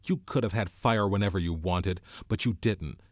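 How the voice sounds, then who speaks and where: A man's voice: low voice, moderate pace, no room sound, clean studio sound, natural voice. A man reading aloud, voicing an earnest, indignant boy who was elected chief. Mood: angry. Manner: earnest, heated.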